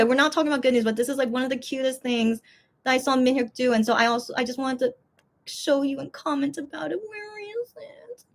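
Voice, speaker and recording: Woman, slightly high voice, casual solo fan chat with lots of "um" and restarts. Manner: rambling, many fillers and restarts. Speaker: fan vlogger, channel host.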